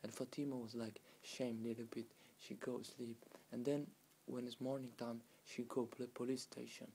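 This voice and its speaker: A man casually retelling a folk tale in broken, non-native English, halting with restarts and filler phrases. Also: mid-range voice, level tone, dark tone, a little hiss or hum. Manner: halting, with many restarts and "you know" fillers. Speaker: storyteller.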